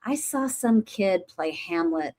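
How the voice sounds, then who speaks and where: A woman's voice: on the low side, animated, takes it slowly, a little mellow. A woman who mentions her acting teacher, a guest on a livestream, talking in an enthusiastic and gushing way. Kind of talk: casual chat.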